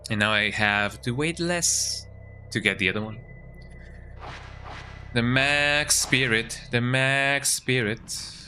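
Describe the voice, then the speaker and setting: Bright-voiced playful young man streaming. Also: lowish voice. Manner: playful, jokey, keeps tagging lines with "eh?". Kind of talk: casual gameplay commentary.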